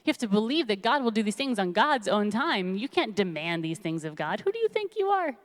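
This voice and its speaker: A woman's voice: medium pitch, animated, a little fast, natural voice. Woman putting on an indignant pious widow. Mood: scolding. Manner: indignant, scolding. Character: stern pious wealthy widow heroine. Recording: long reverb of a large hall.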